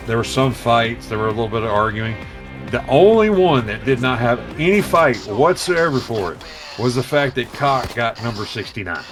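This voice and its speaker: A man's voice: medium pitch, moderate pace. A man telling a profane story casually while streaming a game, acting out the voices of the people he quotes. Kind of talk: casual storytelling over gameplay. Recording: loud background music.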